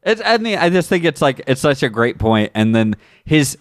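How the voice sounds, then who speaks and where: A man co-hosting a podcast in casual chat, laughing often and restarting his sentences as he rambles excitedly. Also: medium pitch, normal speed, no room sound. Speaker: podcast co-host.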